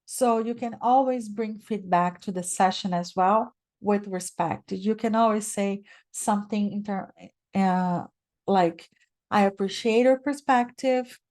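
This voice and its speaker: A woman's voice: medium pitch, steady tone, a little slow, darkish tone. Female guest speaker, non-native English, webinar presenter, explanatory, checks in with the audience. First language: not English.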